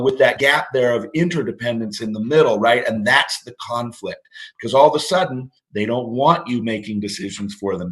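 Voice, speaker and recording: A man's voice: medium pitch, fairly bright tone, low-quality recording. Rambling middle-aged man, many fillers. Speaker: parenting guest. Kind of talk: casual interview talk.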